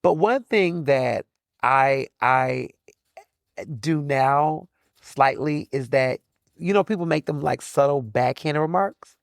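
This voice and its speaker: A man hosting his own podcast, talking casually in a chatty, slangy way with quick asides. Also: fairly high pitch, creaky, dry recording, studio quality. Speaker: podcast host. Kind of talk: casual solo podcast monologue.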